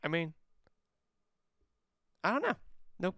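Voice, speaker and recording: A man's voice: high voice, very animated, slow, creaky, pushed and bright, no echo, studio quality. A man co-hosting a movie review podcast, bantering playfully in a casual chat. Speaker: podcast co-host.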